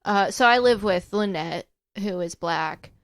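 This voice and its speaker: A woman co-hosting a comedy podcast, mostly giving short, quiet replies and telling a brief anecdote. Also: medium pitch, unhurried, dry recording. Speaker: podcast co-host. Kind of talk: casual podcast chat.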